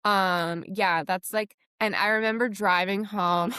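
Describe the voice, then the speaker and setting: Young woman, podcast co-host, mid-pitch, animated storyteller, dry close sound. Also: takes it slowly, clear, resonant tone, dry recording. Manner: animated storyteller who acts out the people she quotes. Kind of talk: casual chat.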